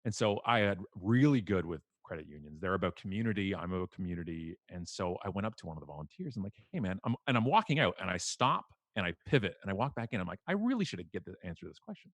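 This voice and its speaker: A middle-aged man, a keynote speaker, telling stories on a podcast in an animated, self-mocking way with casual swearing. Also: sits low, fast, hardly any pauses, dry recording.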